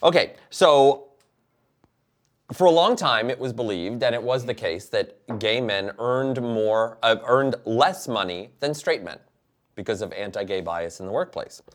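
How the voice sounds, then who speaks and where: A man hosting a podcast, introducing a news item. He reads in a plain, mid-pitched voice and stumbles, filling gaps with ums and uhs. The delivery stays conversational. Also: expressive. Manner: halting, with many fillers while reading. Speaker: podcast co-host. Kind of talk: casual chat, reading news items.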